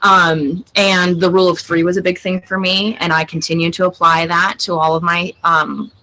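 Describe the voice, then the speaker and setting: A woman in her thirties, a guest on a video-call interview, telling animated stories about her family. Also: on the low side, moderate pace, a little hiss or hum, poor audio. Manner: animated storyteller, acts out family dialogue. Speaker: guest, client. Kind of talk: casual interview chat.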